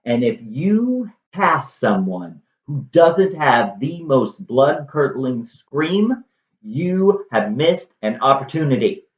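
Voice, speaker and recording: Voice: medium pitch, sing-song, takes it slowly. A host casually retelling a classic play, wry and conversational with lots of animation. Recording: roomy, distant, dull lo-fi.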